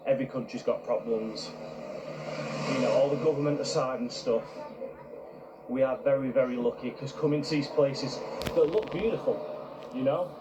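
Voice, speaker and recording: A man's voice: medium pitch, normal speed, pauses often, roomy sound, background noise. A man from the UK, earnestly telling a travel story to camera and reflecting on it. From United Kingdom. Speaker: travel vlogger. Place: outdoors in a park.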